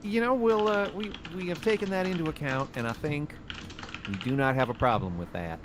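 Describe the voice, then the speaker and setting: A man's voice: fairly high pitch, a little fast, noisy background. A man playing a tabletop game in character, speaking hesitantly with many fillers. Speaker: player.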